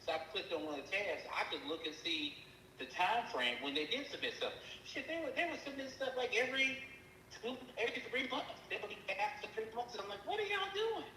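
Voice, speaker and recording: Hombre animado con voz brillante. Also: male voice, brisk, roomy sound, a little hiss or hum, rough recording. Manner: animated, jumps high in pitch when quoting his own exasperation. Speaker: caller telling his experience. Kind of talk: casual storytelling on a group call.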